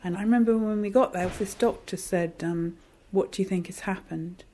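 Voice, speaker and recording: A woman's voice: mid-range voice, moderate pace, dark tone, slight background noise. A woman, a patient's wife, recalling events in reflective storytelling during an interview. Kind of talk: documentary interview.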